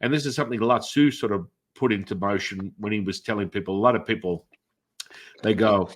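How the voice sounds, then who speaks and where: A man's voice: fairly low pitch, brisk. A middle-aged man hosting an interview, telling stories at length, rambling with fillers and restarts and acting out other people's reactions. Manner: animated, acts out other people's reactions in shifted voices. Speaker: podcast host and energy healer. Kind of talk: conversational storytelling in an interview.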